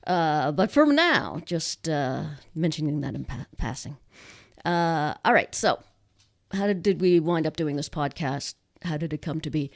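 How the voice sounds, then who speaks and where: Chatty Nova Scotian woman, lowish voice. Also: animated, measured pace. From Canada. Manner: chatty, laughs easily, many restarts. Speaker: podcast co-host. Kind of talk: casual podcast chat. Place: home.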